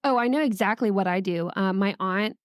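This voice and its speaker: A woman's voice: mid-range voice, brisk, smooth, dry recording, clean studio sound. A woman from Northern Virginia co-hosting a podcast in casual, chatty talk, laughing often. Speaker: podcast co-host. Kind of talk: casual chat.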